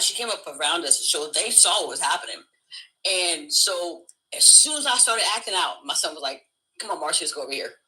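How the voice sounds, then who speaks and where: Animated, foul-mouthed middle-aged woman. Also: fairly low pitch, rough recording. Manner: animated, swears freely, acts out shrieks. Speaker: livestream host. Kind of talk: casual storytelling chat.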